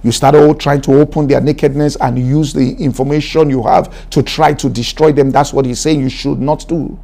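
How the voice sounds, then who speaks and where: A man preaching a sermon, exhorting his listeners in a repetitive, emphatic style that climbs higher as he builds. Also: steady tone, normal speed, gravelly, dark tone. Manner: preaching, rising to an emphatic raised pitch. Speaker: pastor.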